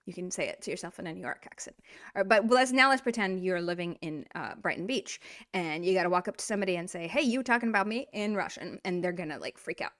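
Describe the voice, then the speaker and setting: A woman teaching a casual language lesson, animated and playful, speaking straight to the learner. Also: lowish voice, fast talker. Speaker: Russian teacher.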